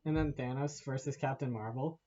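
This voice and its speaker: A man's voice: medium pitch, fairly even intonation, brisk, mellow, dull audio. A man giving a casual, rambling movie rant to camera, laughing often and swearing as he talks. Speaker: vlogger.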